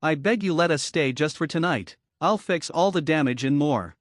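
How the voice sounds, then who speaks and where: A man voicing a polite young ninja in a storybook reading. He sounds calm and earnest, a bit higher than the plain read, with a dry, close sound. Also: normal speed, dry recording, lightly acted. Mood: pleading. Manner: courteous, steady and pleading.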